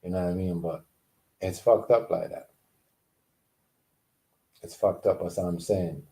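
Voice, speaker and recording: Man, deep low voice, mellow dark tone, casual rambling rant, profane, emphatic. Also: steady tone, a little slow, gravelly. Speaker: vlogger.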